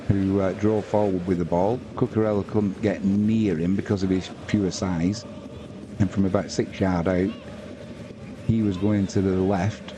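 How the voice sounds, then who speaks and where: A man's voice: on the low side, background noise. Chatty man commenting on football. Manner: chatty, talks to viewers and reads out chat messages. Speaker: host of a live watch-along stream. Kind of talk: casual live football commentary and chat.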